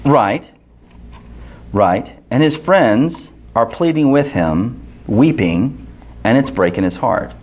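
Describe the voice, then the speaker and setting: Lively man teaching a Bible class. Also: mid-range voice, slow, breathy edge. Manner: asks the group questions, many restarts.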